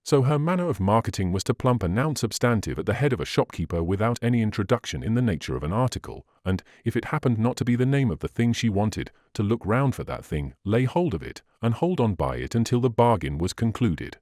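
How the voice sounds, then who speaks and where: Casting: male audiobook narrator, low-pitched, very lively reading, dry close sound. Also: fairly quick, few pauses, dry recording. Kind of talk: classic novel reading.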